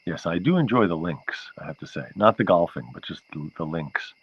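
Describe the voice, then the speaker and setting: Speaking a little fast in a low, husky, expressive voice, this livestream host chats casually with his viewers from home, close to an outdoor porch. His talk wanders from tangent to tangent as he gets sidetracked. It's captured on a laptop mic with dull lo-fi quality.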